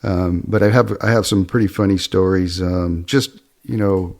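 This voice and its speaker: This podcast host and fly shop owner is a middle-aged man telling casual, rambling stories with lots of fillers and restarts. He raises his voice for a moment whenever he acts out quoted lines. His voice is low-pitched and darkish, with fairly even intonation, at a normal speed.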